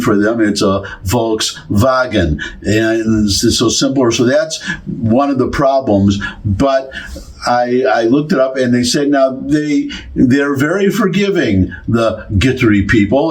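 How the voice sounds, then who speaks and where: A man casually explaining a word's pronunciation to his viewers, talking in a halting way with many restarts and fillers. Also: medium pitch. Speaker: YouTube commentator. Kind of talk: casual rambling explanation to camera.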